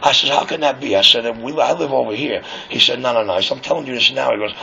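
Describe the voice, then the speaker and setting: Gravelly rambling New man on radio. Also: mid-range voice, fast talker, few pauses, pushed and bright, slight background noise. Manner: rambling, boastful, swears freely. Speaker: radio operator on air. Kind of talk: casual on-air chat. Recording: dull lo-fi radio audio.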